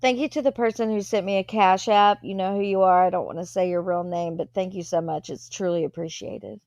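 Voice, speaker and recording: A woman's voice: fairly low pitch, fairly even intonation, a little fast, darkish tone, no echo, dull audio. A woman hosting a live stream, chatting casually as she reads viewer comments aloud and answers them.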